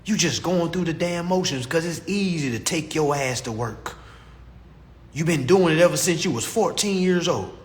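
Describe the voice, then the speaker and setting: A man delivering a comedic rant to camera in an animated, preachy and mocking way. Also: on the high side, normal speed. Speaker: vlogger.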